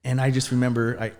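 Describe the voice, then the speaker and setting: A man's voice: medium pitch, a little mellow. A man in his thirties, a firefighter and podcast guest, telling his story casually, acting out quoted dialogue and swearing now and then. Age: 30s.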